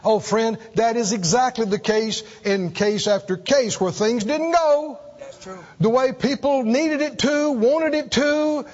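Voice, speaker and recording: High-voiced earnest preacher in an echoing hall. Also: male voice, takes it slowly, a little mellow. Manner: earnest and emphatic, repeats words, climbs high on key points. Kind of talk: sermon. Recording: dull sound in a reverberant hall.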